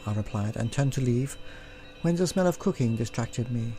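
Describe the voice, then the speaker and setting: Man, let's play host, reads game text aloud, mellow tone, throat clearing, faint background music. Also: mid-range voice, animated, moderate pace. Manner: frequent throat clearing, offhand asides.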